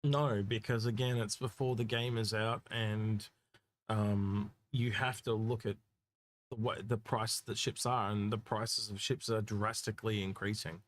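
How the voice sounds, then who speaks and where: A man's voice: fairly low pitch, steady tone. Male co-host, casual chat, stop-start delivery with plenty of fillers. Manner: halting, many restarts and fillers. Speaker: co-host reading chat questions.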